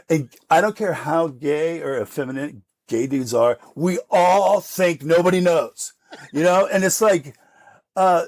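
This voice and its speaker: A middle-aged American man telling candid, animated stories about his recovery and acting out the voices of the people in them, laughing often. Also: on the high side, takes it slowly, dry recording. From United States. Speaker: podcast guest.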